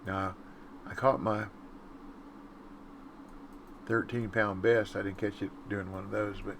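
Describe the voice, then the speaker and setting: A man's voice: on the low side, little pitch movement, slow pace, fairly bright tone, a little hiss or hum. A man casually commenting while playing a fishing game, chatting to viewers and humming to himself. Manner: laid-back, chatty, hums and sings to himself. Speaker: gaming streamer.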